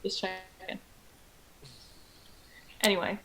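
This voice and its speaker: A woman's voice: medium pitch, level tone, slow pace, gravelly, sharp tone, low-quality recording. A woman chatting teasingly as a player at a tabletop game. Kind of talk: casual chat at a tabletop game.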